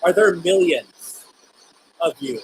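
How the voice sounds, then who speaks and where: A man with a notably high voice hosts a live spirit box session. He puts curious, halting questions to unseen spirits, often restarting mid-sentence. A faint hiss of noise sits behind him. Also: lively intonation, rough recording. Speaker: host of a live paranormal show.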